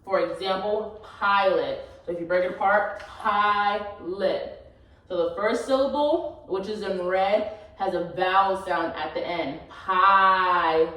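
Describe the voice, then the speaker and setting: A woman's voice: medium pitch, normal speed. A woman teaches a phonics lesson to her class. She talks patiently and checks in often with the students. Her voice rings through an echoey classroom from some distance. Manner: patient, checks in often with okay and all right. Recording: echoey room, from far off.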